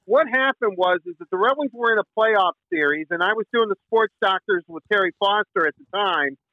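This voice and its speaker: Over a tinny phone line, a sports radio host, a middle-aged man from Michigan, meanders through an interview story, stopping to restart and leaning on fillers. He speaks a little fast in a high voice, the recording is dry, and he breaks into the team song.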